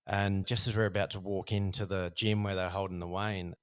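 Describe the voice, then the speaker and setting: A middle-aged Australian man, a podcast guest, telling stories in a rambling, animated way with many fillers. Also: low-pitched, brisk, clean tone. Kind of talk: casual storytelling.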